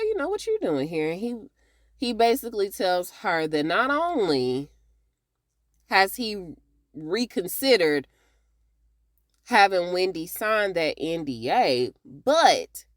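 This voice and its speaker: Animated low-voiced woman recapping TV. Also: no room sound, clean studio sound. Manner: animated and chatty, talks straight to viewers. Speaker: TV recap reviewer. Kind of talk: casual TV recap vlog.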